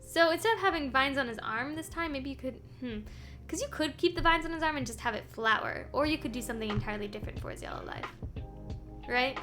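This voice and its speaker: A woman's voice: high voice, expressive, fast, pushed and bright, faint music behind. A woman streamer chatting casually as she recaps a game series, rambling with lots of ums and small laughs. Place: home streaming setup.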